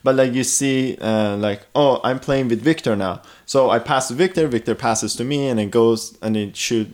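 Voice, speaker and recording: A man chatting casually, telling stories with excitement and some swearing. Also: medium pitch, normal speed. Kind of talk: casual conversation.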